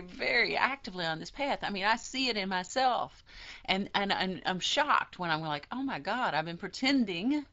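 A woman giving a casual spiritual teaching talk, animated and self-deprecating, acting out quoted voices. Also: lowish voice. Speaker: spiritual teacher leading a study group. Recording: dull lo-fi sound.

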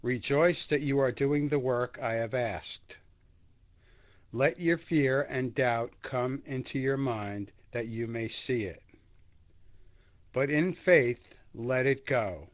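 A man slowly reading a spiritual text aloud and reflecting on it, halting with fillers. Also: medium pitch. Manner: slow, hesitant, halting with fillers. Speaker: spiritual study group reader. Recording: dull lo-fi sound.

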